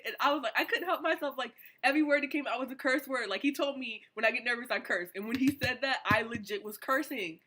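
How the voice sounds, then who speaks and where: Bright-voiced young woman telling a story. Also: a little high, fast, few pauses. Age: young adult. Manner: animated, slangy, excited retelling. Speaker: vlogger. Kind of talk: casual storytime vlog.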